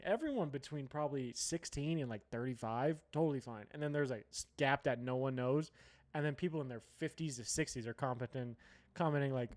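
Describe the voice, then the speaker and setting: Foul-mouthed sports host guy from colorado, slightly high voice, rants and keeps restarting. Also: a little mellow. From Colorado, USA. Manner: profane, blunt, ranting with heavy swearing; restless, restarts and repeats himself. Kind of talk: casual sports rant.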